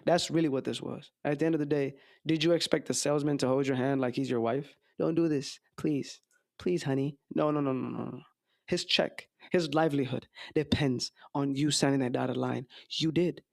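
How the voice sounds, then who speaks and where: Gravelly blunt male commentator. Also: medium pitch, fairly even intonation, brisk, darkish tone, dry recording, clean studio sound. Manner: blunt, scolding, slangy. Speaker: commentary host reacting to clips. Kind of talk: reaction commentary.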